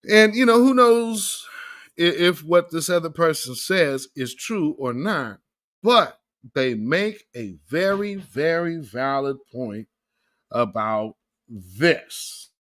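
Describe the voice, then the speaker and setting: Slow drawling male commentator. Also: fairly high pitch, lively intonation, a bit bright. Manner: slow, drawling, loose with fillers. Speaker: commentary host. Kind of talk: casual commentary.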